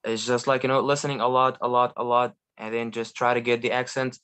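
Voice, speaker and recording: An eager young man with an Egyptian accent talks in a casual guest chat. His voice sits at an everyday middle pitch, and he stumbles happily through fillers and restarts. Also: flat delivery, a little fast, fairly bright tone, smooth. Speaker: guest, language learner. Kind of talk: casual video call chat.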